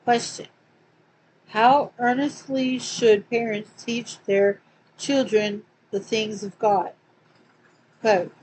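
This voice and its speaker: A woman with a Southern accent, reading Bible questions and verses aloud slowly, with small slips and asides. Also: on the high side, steady tone, darkish tone, a little hiss or hum, low-quality recording. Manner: slow and deliberate, reads quotes slowly with small slips and asides. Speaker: Bible study reader.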